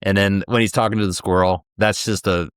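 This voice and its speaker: Male co-host, low register, eager movie talk, dry recording. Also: fairly even intonation, a little fast, smooth, no echo. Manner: enthusiastic, quotes lines in playful voices. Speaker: co-host of a movie review show. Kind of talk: casual movie review chat.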